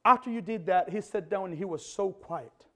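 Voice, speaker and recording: A man's voice: high voice, moderate pace, sharp tone. A male pastor telling a story in a sermon, acting out the dialogue and often restarting mid-sentence.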